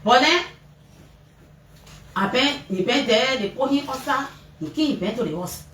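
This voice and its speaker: A Liberian woman recounts events to reporters in an animated way, her fairly high voice leaping as she acts out what others said. She sits back from the microphone in a roomy, echoing space with faint noise behind. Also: normal speed. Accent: Liberian English. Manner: animated storytelling, acting out shouted quotes, pitch leaping up and down. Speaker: mother giving a press interview. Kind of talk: emotional personal account to reporters. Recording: roomy, distant mic with faint background noise.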